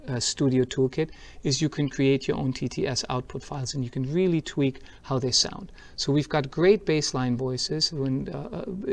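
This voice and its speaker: A man giving a product demo talk at a tech conference. He is upbeat and explains each step as he shows it. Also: medium pitch. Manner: upbeat, explanatory, walks through steps as he shows them.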